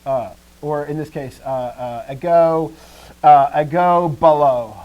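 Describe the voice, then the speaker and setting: A man teaching Greek grammar to a class, lively, putting questions to his students and often dropping to a quiet trailing voice. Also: a little high, takes it slowly, muffled recording. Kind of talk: classroom lecture.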